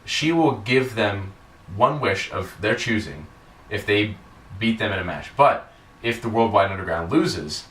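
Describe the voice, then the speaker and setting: Speaking a little slowly, a male podcast host gives a loose, filler-heavy, foul-mouthed rundown of a wrestling show. His voice is on the low side and fairly bright, with lively intonation. There's slight background noise, plus room echo from a distant mic.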